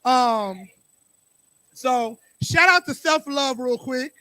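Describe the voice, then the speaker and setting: High-voiced hype poet man. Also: animated, clear, resonant tone, no room sound. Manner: loud hype, then rhythmic rapid poem delivery. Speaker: featured poet. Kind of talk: spoken word performance. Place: open mic venue.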